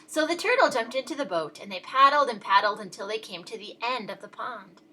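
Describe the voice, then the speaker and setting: A woman reads a children's picture book aloud in an expressive storytelling style. Her voice is bright and slightly high. Her pitch rises and falls in wide, lively swings. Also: brisk, slight background noise.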